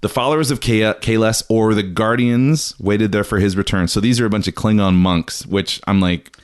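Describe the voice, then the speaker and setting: A man's voice: fairly low pitch, steady tone, moderate pace. A man hosting a podcast, telling a story in casual chat and acting out jokey quotes. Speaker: podcast host.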